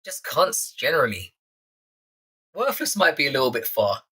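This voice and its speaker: A man's voice: medium pitch, very animated, normal speed, pushed and bright, husky. A young man with a London accent hosting a live stream chat, casually swearing and teasing the viewers in his chat.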